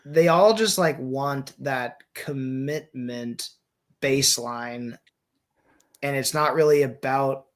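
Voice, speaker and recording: A man's voice: mid-range voice, slow. A young man guesting on a podcast, chatting casually and laughing often while recapping a show. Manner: relaxed, amused, laughs often.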